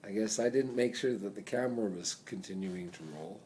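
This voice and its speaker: A man, telling a rambling story to a phone camera in a casual, drawn-out way. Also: fairly low pitch, a little hiss or hum. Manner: rambling, slow, drawn-out delivery; loud and excited when reenacting chants. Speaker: vlogger.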